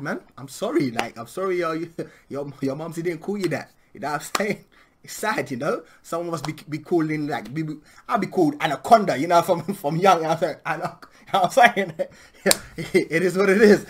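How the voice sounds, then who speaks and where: A man's voice: medium pitch, slight background noise. A man hosting a reaction video, talking in slangy, laughing banter. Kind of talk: casual reaction commentary.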